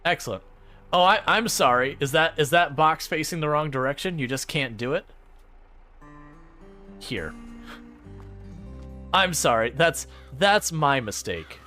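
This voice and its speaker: Guy talking over his game run, fairly high voice, jumps all over in pitch, bit of music under it. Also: unhurried, pauses often. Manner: excitable, reacts aloud to the game, laughs often. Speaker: gaming channel host. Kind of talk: casual gameplay commentary.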